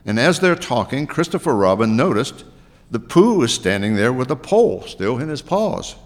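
A man's voice: mid-range voice, sing-song, normal speed. A man preaching a sermon as a pastor, chatty, with asides and rhetorical questions to his listeners. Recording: long reverb of a large hall.

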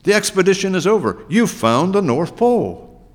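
A man voicing an excited young boy from a storybook, speaking eagerly. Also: on the high side, normal speed, pitched above the performer's own voice. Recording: long hall reverb.

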